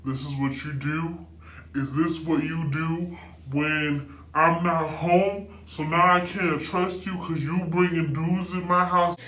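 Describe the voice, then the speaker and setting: A woman voicing her angry father scolding his daughter in a lowered, stern voice. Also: steady tone, takes it slowly, fairly bright tone, echoey room.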